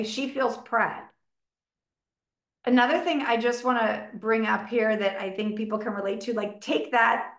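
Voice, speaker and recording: A middle-aged woman teaches a relationship masterclass in a chatty, unscripted way, full of fillers and quick acted-out exchanges. Her voice sits slightly high, and the room around her rings with noticeable echo. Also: fairly bright tone. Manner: chatty, filler-heavy, acts out little dialogues. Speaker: relationship coach presenting a masterclass. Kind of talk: informal teaching talk. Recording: echoey room.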